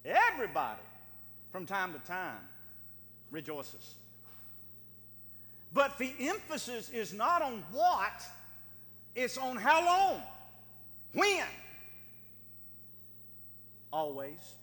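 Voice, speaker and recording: A man's voice: extremely high pitch, wildly swooping pitch, slow pace, long pauses, bright, forceful tone. A man preaching a sermon as pastor, with emphatic delivery that repeats phrases for stress. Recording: long hall reverb.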